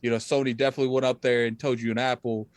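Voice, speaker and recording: Quick-talking male podcast co-host. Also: mid-range voice, level tone, no room sound. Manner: quick, loose, many fillers. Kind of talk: casual chat.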